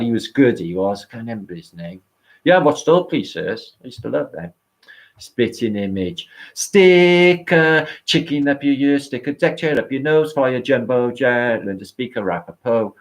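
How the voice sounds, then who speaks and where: A British man chatting casually as a podcast host, rambling, swearing and laughing as he reminisces. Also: on the low side. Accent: British English. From Britain. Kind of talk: casual chat.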